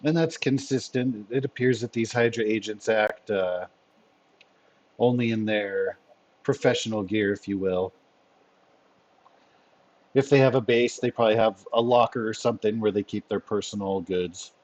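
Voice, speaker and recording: A man running a tabletop game as game master, narrating in a relaxed, thoughtful, joking way over an online session. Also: on the low side, normal speed, long pauses. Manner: relaxed, thoughtful, given to jokes. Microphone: home computer mic over voice call.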